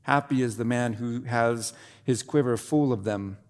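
Man, pastor, sermon, dramatic pauses, drops to low hushed tone, medium pitch, long reverb.

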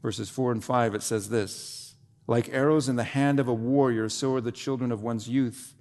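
Preaching man in a reverberant hall. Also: steady tone. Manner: dramatic preaching with long pauses and sudden drops to a low quiet voice. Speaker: pastor. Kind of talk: sermon.

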